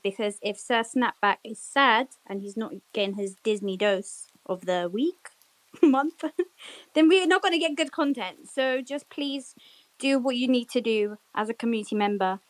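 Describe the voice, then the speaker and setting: Woman co-host, high voice, bubbly, upbeat. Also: fairly bright tone. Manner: bubbly, laughing, upbeat promoter. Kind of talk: hosting a live audio chat.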